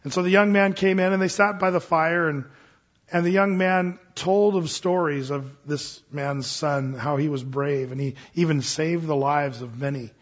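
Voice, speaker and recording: A man preaching a sermon to his congregation, telling a story in an earnest, animated way. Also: on the high side, moderate pace, dull audio. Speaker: pastor.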